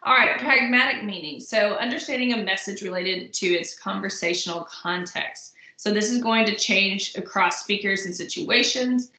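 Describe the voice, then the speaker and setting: Young woman, college lecturer, relaxed and chatty, crisp bright voice, roomy recording. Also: mid-range voice, moderate pace, few pauses. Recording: echoey room.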